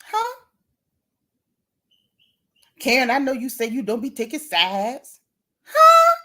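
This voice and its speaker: A middle-aged woman, hosting a casual gossip livestream, animated and sassy as she reads out viewer comments. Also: on the high side, moderate pace. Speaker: livestream host.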